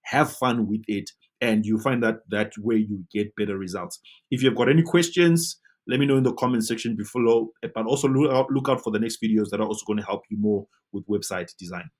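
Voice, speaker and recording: A man teaching web design in a tutorial, coaching viewers in an animated way and often asking "right?". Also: fairly low pitch, fairly quick. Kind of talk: tutorial talk to camera.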